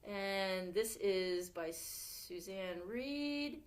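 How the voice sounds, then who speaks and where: A woman, a youth services librarian, reading a picture book aloud at storytime with expressive delivery. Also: mid-range voice, very slow.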